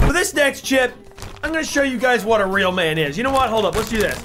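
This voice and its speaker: A man's voice: extremely high pitch, expressive, fast, music in the background. A young man doing a ghost pepper chip challenge while playing a guessing game, coughing, eyes watering, yelping and pleading in a frantic, self-mocking way. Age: young adult. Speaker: YouTuber.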